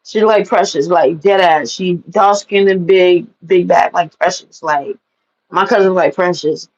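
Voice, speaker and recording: Gravelly New woman telling blunt stories. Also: fairly low pitch, measured pace, muffled recording. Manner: animated, blunt and profane, laughing at own stories. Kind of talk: casual storytelling to camera.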